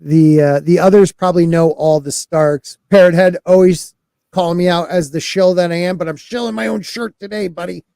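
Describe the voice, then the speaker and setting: A man's voice: high voice, steady tone, brisk, gravelly, warm tone, smooth, dry recording, clean studio sound. A man hosting a casual podcast chat, loose and talkative, greeting live chat viewers as he goes. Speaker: podcast host.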